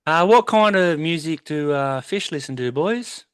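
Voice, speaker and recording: A man's voice: on the high side, animated, unhurried, smooth, dry recording, studio quality. A man in casual podcast banter, easygoing and chuckling.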